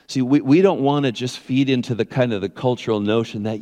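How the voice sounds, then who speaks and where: Conversational preacher in a reverberant hall. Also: male voice, medium pitch, a little fast, hardly any pauses. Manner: animated, conversational preaching with frequent restarts. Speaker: pastor. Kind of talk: sermon.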